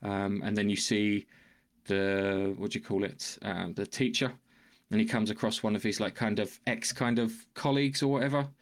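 A man's voice: on the low side, level tone, moderate pace. A man co-hosting a podcast, retelling a film plot in a loose, rambling way, hunting for words and swearing casually. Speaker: podcast co-host. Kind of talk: casual film review chat.

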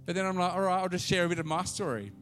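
A man preaching a sermon as pastor, telling a story and swinging from hushed asides to loud, excited calls. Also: sits high, very fast, soft background music.

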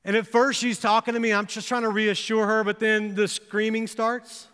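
A pastor preaching a sermon, telling a personal story with earnest, building intensity that rises to impassioned pleas. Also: male voice, sits high, level tone, normal speed, a bit bright, clean tone. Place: church sanctuary. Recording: long reverb of a church hall.

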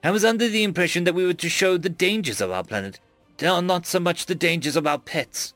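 A nervous, glum schoolgirl speaks politely and hesitantly, voiced by a man. Her lines come with lively pitch and a slightly high voice. The recording is dry, with faint music behind. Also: fairly quick, dry recording. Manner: polite, hesitant, formal phrasing.

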